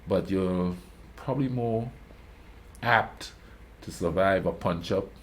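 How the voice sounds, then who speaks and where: In a low voice and at a slow pace, a man hosts a reaction video, casually rambling through anecdotes and frequently tossing in "you know what I mean?". He describes himself as a quiet talker, and the talk is relaxed storytelling commentary.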